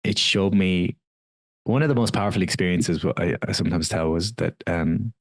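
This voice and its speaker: Deep-voiced man telling a candid story. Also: moderate pace, no room sound. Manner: candid storytelling with frequent fillers and laughs. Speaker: wellness coach guest. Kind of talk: casual podcast conversation.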